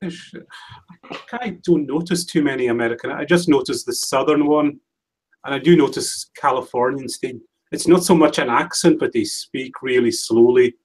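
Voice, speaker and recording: Man, podcast co-host, mid-pitched, chatty, loses his thread and restarts. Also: normal speed, a little mellow, poor audio. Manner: rambling, hesitant, with many restarts. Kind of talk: casual chat.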